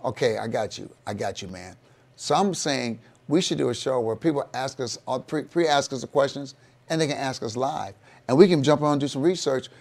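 A middle-aged man co-hosting a casual tech chat show, excitable and rambling, calling his co-host "dude" and "bro.". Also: medium pitch, a little fast, creaky.

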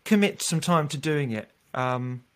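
Lively, laughing man telling stories. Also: fairly high pitch, measured pace. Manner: animated, laughing storyteller with many restarts. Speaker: recruiter. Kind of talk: casual storytelling interview.

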